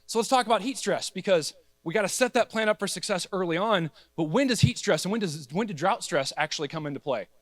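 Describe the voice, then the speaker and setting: A man giving an energetic, conversational presentation to a room of growers, talking straight to the crowd. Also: sits high, fast talker, no echo. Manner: energetic, conversational, addresses audience as guys, acts out the plant's voice. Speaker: agronomy speaker at a grower meeting. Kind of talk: conference presentation.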